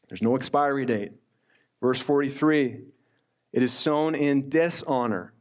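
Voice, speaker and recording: A middle-aged male pastor preaching a sermon in a conversational way, slowing down when he reads scripture aloud. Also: medium pitch.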